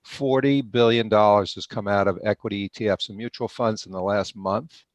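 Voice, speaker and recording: A man's voice: lowish voice, fairly even intonation, normal speed, no echo. An older man, stuffy from allergies, giving confident market views as a guest. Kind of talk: interview answers.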